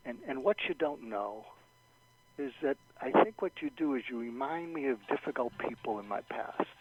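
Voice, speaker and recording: A man with a husky, medium-pitched voice appears as a guest expert in an interview, giving advice at a moderate pace. He animatedly explains techniques and acts out example phrases, restarting often. The recording is dull, lo-fi and dry.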